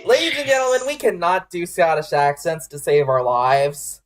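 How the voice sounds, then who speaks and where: A man co-hosting a casual podcast, reading out news items in an unhurried, easily puzzled way. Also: fairly high pitch, sing-song. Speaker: podcast co-host.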